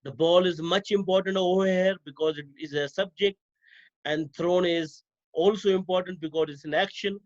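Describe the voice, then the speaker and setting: Guy teacher going over grammar slides, slow and repetitive, high voice, kinda dull audio. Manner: slow, repetitive explaining to students.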